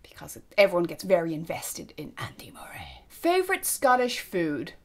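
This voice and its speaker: Young irish woman vlogging, gushy and chatty, lowish voice, whispers bits sometimes. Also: wildly swooping pitch, normal speed. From Ireland. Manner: chatty, gushing, drops to whispers. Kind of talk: casual chat to camera.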